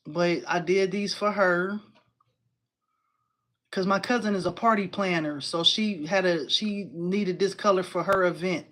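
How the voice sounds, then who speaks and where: A woman in her forties hosting a casual crafting livestream, chatty and animated, talking to viewers and reading their comments. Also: fairly low pitch. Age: 40s. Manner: chatty and animated, addresses viewers as y'all, laughs often.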